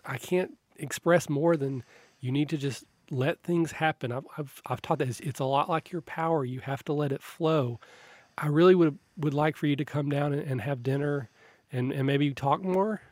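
A man voicing a kind, motherly woman of about fifty who soothes a worried boy in a soft, near-whispered way. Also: fairly high pitch, moderate pace, dry recording, natural voice. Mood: soothing.

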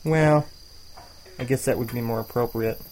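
A man's voice: medium pitch, moderate pace, darkish tone, poor audio. A man co-hosting a comedic chat show, tossing in dry sarcastic one-liners. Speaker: co-host.

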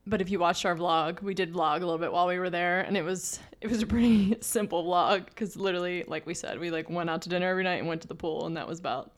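Young woman, podcast co-host, low voice, rambling chatty delivery. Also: steady tone, fast, few pauses. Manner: chatty, lots of fillers and restarts. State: pregnant. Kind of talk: casual chat.

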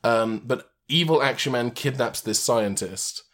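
A man's voice: mid-range voice, measured pace, fairly bright tone. A man co-hosting a podcast, recapping in a casual comedic chat with rambling restarts and joking asides. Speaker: podcast co-host.

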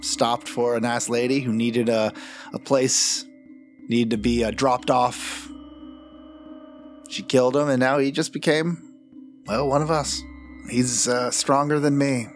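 Male game master, measured horror storytelling, music bed behind. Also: medium pitch, fairly even intonation. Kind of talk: narrating a tabletop horror game.

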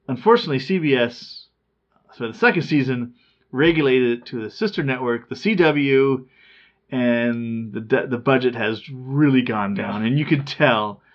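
A man's voice: mid-range voice, normal speed. A man in casual chat, rambling and chatty, often laughing at his own stories. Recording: slightly dull lo-fi sound.

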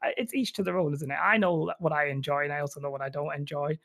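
A man's voice: fairly high pitch, steady tone, fast talker, vocal fry, fairly bright tone, dry recording. A man with a Northern English accent, chatting casually as a podcast guest in a rambling, self-deprecating way. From Northern England. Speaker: guest YouTuber.

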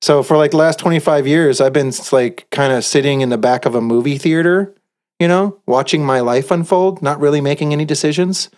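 A man's voice: on the high side, brisk, a little mellow. A man in casual chat with his father, rambling, swearing and laughing often. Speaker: son, podcast co-host.

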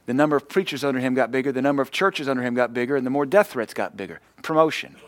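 A man's voice: mid-range voice, dry recording. A man preaching a sermon as pastor, folksy and joking, acting out little quotes as he goes.

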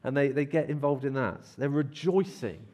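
A man preaching a sermon in church, lively and acting out crowd shouts as he reads and explains scripture. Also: mid-range voice, normal speed. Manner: animated, acts out crowd shouts.

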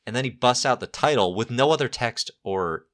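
A man's voice: mid-range voice, lively intonation, brisk, a bit bright. A man co-hosting a casual podcast, talking with enthusiasm and laughing often. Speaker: podcast co-host discussing comics. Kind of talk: casual chat.

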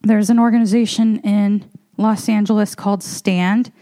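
Fairly even in intonation and moderately paced, a woman comedian speaks in a warm mid-range voice while walking her apartment, slightly short of breath. It's a casual, rambling monologue with plenty of fillers and the odd swear word.

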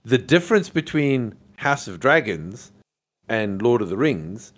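A man's voice: medium pitch, sing-song, unhurried. A man in casual chat on a podcast, talking animatedly with many fillers and restarts.

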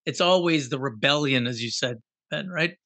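A man telling a story in a conversation, animated and fond of rhetorical questions. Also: medium pitch, moderate pace, dry recording. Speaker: guest.

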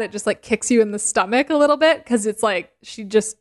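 A woman's voice: fairly high pitch, fairly quick. A woman co-hosting a podcast in casual chat, retelling scenes animatedly and laughing as she talks. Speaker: podcast co-host.

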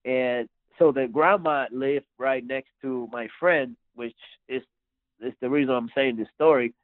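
A man's voice: mid-range voice, steady tone, measured pace, no room sound. A man as a podcast guest, telling a story casually, rambling and repeating his words. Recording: dry tinny phone-like line.

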